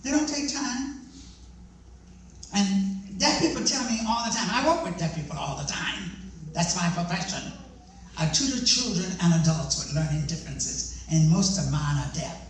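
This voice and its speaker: A man speaking to an audience in a big, very echoey hall, heard from well back from the mic. His delivery is lively and joking, and he keeps turning questions to the listeners. A faint background hiss sits under his voice. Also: high-pitched, moderate pace, far from the mic. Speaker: speaker on deaf ministry. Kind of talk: presentation to an audience.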